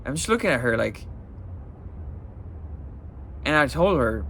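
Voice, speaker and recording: A man's voice: medium pitch, unhurried, long pauses, a bit bright, slight background noise. A man telling a story in a casual, exasperated rant, swearing and using lots of fillers. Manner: profane, exasperated, many fillers. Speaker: vlogger.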